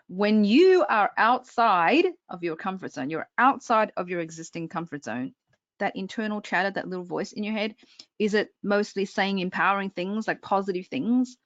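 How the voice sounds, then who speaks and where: A woman's voice: fairly low pitch, dry recording, highs cut off. A woman public speaking coach presenting an online workshop, talking straight to her audience with frequent check-ins.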